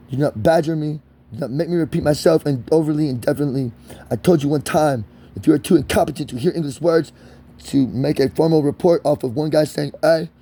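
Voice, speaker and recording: Angry gravelly man ranting. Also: mid-range voice, dark tone. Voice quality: speech impediment. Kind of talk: vlog rant.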